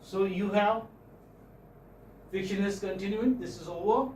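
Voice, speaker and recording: A man with an Indian English accent teaching phonetics in a classroom, questioning students and repeating sounds slowly. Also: high-pitched, a little mellow, slight background noise. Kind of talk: classroom lecture. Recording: echoey classroom, far-off mic, faint ambience.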